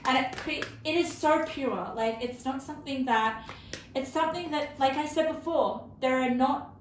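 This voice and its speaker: A woman reading tarot cards for her viewers in a fairly high voice, earnest and openly emotional. She talks haltingly, full of fillers and restarts. The sound is roomy, with a faint hiss behind her. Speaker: tarot reader.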